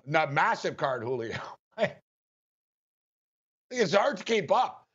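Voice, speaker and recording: A man's voice: fairly high pitch, very animated, slow pace, a bit bright, husky. A man hosting a sports betting talk show, telling a rambling story between laughs. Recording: dull lo-fi sound.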